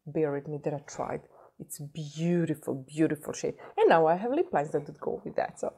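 A woman with a cold, chatting excitedly through a beauty unboxing and gushing over each product. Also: low-pitched, moderate pace, creaky, slightly rough. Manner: gushing, excitable, repeats herself. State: has a cold. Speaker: beauty vlogger. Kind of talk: unboxing chat.

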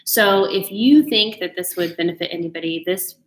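A woman's voice: lowish voice, moderate pace, reverberant, low-quality recording. A woman hosting a live video talk, chatty and teasing, who laughs often. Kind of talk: casual motivational talk.

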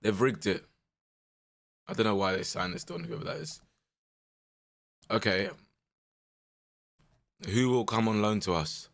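Young guy, voice a bit low and strained, hyped slangy game commentary. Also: unhurried, gravelly, long pauses. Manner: animated, exclaiming, slangy banter. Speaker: gaming content creator. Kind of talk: casual gameplay commentary.

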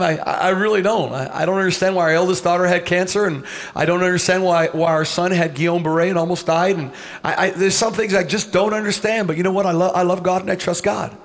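A middle-aged man preaching a sermon in church, animated, often rising to a shout and acting out the people in his story. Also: high voice. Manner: animated, swings to shouting, acts out voices. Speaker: pastor.

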